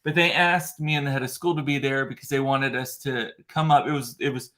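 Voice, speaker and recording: A man's voice: medium pitch, steady tone, fairly quick, fairly bright tone. A man hosting a casual livestream from his computer, telling a long story with lots of fillers, restarts and emotion. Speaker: livestream host. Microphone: computer mic in front of a ring light.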